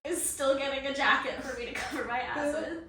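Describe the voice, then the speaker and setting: Young female podcast co-host, high bright voice, lively storyteller, echoey far-off room. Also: fast talker. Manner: animated, laughing often, acts out quotes. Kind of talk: casual storytelling chat. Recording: echoey room, far from mic, faint noise.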